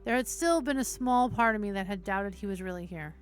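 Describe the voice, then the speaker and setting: Her voice sits in the mid range, brisk and clean in tone, over faint background music. As a stream host reading a visual novel aloud, she alternates steady narration with offhand swearing between passages.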